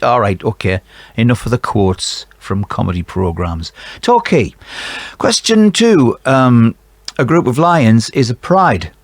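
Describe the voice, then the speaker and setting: A man reads out quiz answers at an unhurried pace, slipping in jokey, chatty asides. He sounds close and dry, with no room echo. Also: mid-range voice, big pitch swings. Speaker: quiz host for a care provider.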